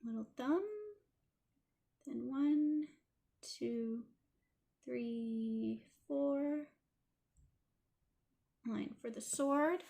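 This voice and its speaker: A woman with a Toronto Canadian accent talks through a drawing tutorial in a casual, chatty way. Her voice sits a little high, and she drops in small apologetic asides as she works. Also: steady tone, very slow, creaky, long pauses, warm tone. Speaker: art tutorial host.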